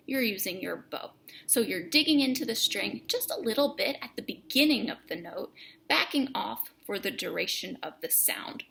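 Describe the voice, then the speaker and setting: A woman explains music notation as a teacher, stressing key words clearly and encouragingly. Her voice is bright and forward. It carries a gravelly, creaky texture. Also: a little high. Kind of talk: instructional lesson.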